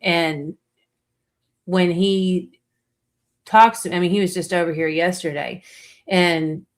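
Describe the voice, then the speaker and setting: A middle-aged woman with a somewhat low voice talks bluntly and with heavy emphasis, swearing often as she shares her opinions. Her casual, forceful delivery carries the chat. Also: fairly even intonation, slow pace. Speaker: podcast host.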